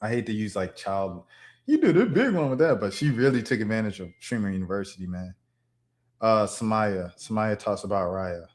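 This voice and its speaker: A man's voice: lowish voice, lively intonation, moderate pace, a little mellow. A young man hosting a livestream, talking in a laid-back, slangy, chatty way. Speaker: streamer host. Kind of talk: casual livestream commentary.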